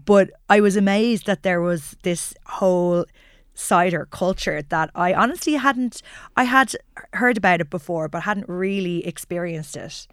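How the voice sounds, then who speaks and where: A woman's voice: lowish voice, a little slow, smooth, dry recording, studio quality. A woman in her forties with an Irish accent, a journalist co-hosting, chatting and describing places with self-deprecating asides. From Ireland. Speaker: journalist and podcast co-host. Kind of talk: casual conversational chat.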